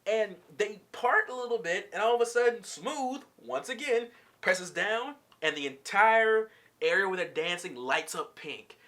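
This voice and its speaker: A man recapping a cartoon episode for his vlog in a loose, slangy storytelling style. His voice sits a touch high and bright, with lively swings in pitch. He talks like he's chatting with friends. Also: a little slow.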